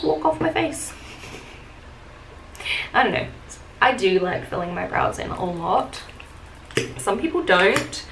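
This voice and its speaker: A young woman chatting casually while doing her makeup, telling a story with lots of fillers. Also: medium pitch. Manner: chatty, many fillers, animated retelling. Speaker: beauty vlogger. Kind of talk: casual get-ready-with-me storytelling. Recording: echoey room with faint hiss.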